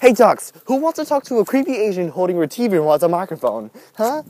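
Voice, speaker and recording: A man vlogging comically outdoors, pleading and shouting goofily after ducks that ignore him. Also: high voice, sing-song, fairly quick. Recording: noisy outdoor recording.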